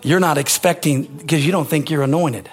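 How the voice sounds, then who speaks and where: A pastor preaching a sermon, emphatic, rising to near-shouted peaks on key lines. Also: male voice, fairly high pitch, moderate pace.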